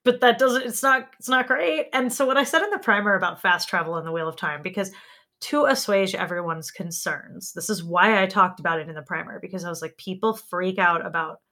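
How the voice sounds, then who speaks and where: A woman hosting a podcast in casual chat, animated and laughing often, swearing freely. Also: lowish voice, a little fast. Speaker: podcast host.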